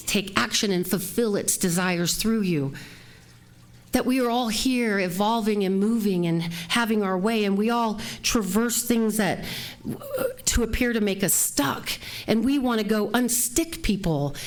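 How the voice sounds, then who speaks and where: A woman's voice: medium pitch, measured pace. A woman minister giving a heartfelt, earnest and direct sermon, recorded live at a spiritual center.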